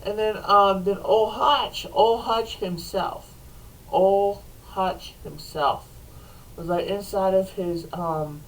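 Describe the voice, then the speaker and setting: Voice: medium pitch, slow, fairly bright tone, recorded from a distance, poor audio. A storyteller improvising a comic tale, rambling and restarting sentences often. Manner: rambling, restarts, frequent laughter.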